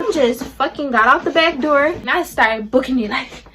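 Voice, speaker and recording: A woman's voice: high-pitched, moderate pace, few pauses, a bit bright, slight background noise. A young adult woman telling a personal story to her viewers, blunt and profane, acting out the people she quotes. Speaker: vlogger. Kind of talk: storytime chat to camera.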